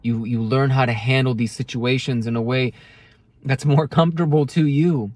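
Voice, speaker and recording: A man's voice: mid-range voice, steady tone, normal speed, a little mellow, dry recording. A man speaking earnestly to camera in a heartfelt motivational monologue, often restarting his sentences. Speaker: self-help video creator.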